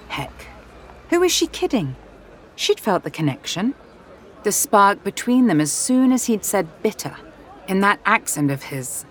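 A woman narrating an audiobook in a steady, expressive reading voice. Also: lowish voice.

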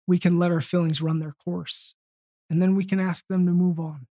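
A man telling a personal story in casual conversation, earnest and halting with frequent restarts. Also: sits high, little pitch movement, warm tone, dry recording. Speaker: podcast guest.

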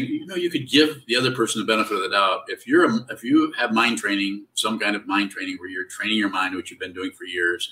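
A man leading a spiritual question-and-answer session, talking in a relaxed, conversational way with a wry, teasing edge. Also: fairly low pitch, distant mic, rough recording. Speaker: meditation teacher. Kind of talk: spiritual Q&A teaching.

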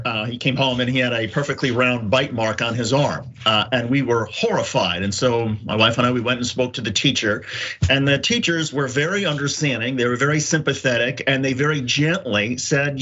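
Bright, husky-voiced male co-host. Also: mid-range voice, a little fast, dull audio. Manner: earnest and reflective. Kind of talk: news commentary.

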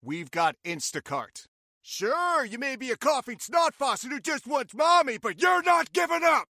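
A man voicing a comic radio ad as a pep talk, shouting like a coach. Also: very high-pitched, animated, normal speed, gravelly, no room sound, studio quality. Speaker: ad announcer.

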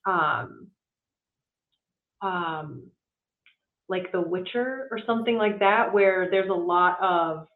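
A woman with a lowish, expressive voice chats casually as a guest musician, speaking slowly with long pauses and plenty of hesitant fillers. The audio sounds tinny, like a phone line, and the room is roomy.

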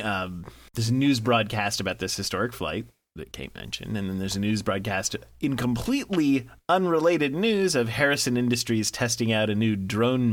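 A man with a very deep voice walks through a film's cast and plot in casual podcast chat. His humor is deadpan and wry, and the sound is close and dry. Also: no echo. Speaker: podcast co-host. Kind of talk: casual movie recap chat.

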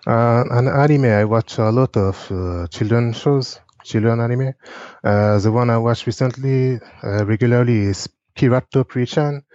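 A man's voice: mid-range voice, moderate pace, darkish tone, dry recording, highs cut off. A man from France with a French accent, co-hosting a casual podcast and talking hesitantly with lots of fillers. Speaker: podcast co-host.

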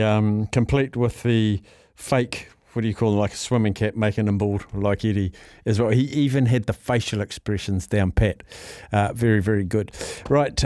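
Aussie radio guy, chill and chatty, warm low tone, dry close sound. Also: no room sound. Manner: chatty, loose, reads out listener texts. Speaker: sports radio host. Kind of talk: casual radio talk.

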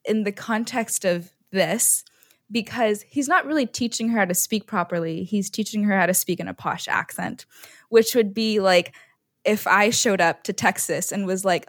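A woman's voice: mid-range voice, normal speed, dry recording, studio quality. Chatty young woman podcast guest. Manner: chatty, says "like" often. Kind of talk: casual podcast chat.

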